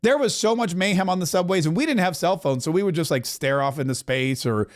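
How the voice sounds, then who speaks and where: Male podcast host, bright high pitch, loose comic commentary with rambling asides. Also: lively intonation, brisk. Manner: joking, rambling, chuckling asides.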